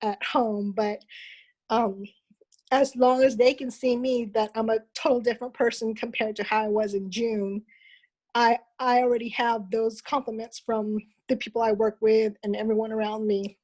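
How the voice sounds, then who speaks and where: A woman speaks on a group video call, her voice a touch high. She shares haltingly and close to tears, with many pauses and fillers. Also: flat delivery, darkish tone, rough recording. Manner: hesitant, tearful, halting. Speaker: nurse sharing in a group call. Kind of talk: personal sharing.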